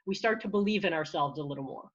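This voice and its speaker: Woman, confidence coach, encouraging, energetic, husky voice, dull lo-fi video call sound. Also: low-pitched, quick pace. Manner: energetic, encouraging, with frequent restarts. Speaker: confidence and public speaking coach. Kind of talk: conversational interview answer.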